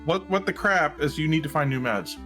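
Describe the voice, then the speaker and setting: A man's voice: a little high, lively intonation, brisk, fairly bright tone, soft background music. A man co-hosting a streamed variety show, joking dryly in casual chat.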